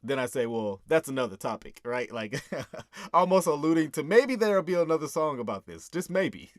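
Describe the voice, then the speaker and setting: A man's voice: fairly high pitch, big pitch swings, normal speed, no room sound. Earnest man in a dry room. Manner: earnest, keeps asking "right?", chuckles. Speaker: host and rapper breaking down his own song. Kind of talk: casual commentary.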